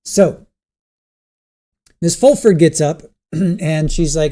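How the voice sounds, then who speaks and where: A man's voice: mid-range voice, fairly even intonation, moderate pace, dark tone. A man hosting a live stream, casually recapping the day's trial testimony and asking his viewers what they think. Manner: chatty, recounts testimony, asks chat questions. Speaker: trial commentary host.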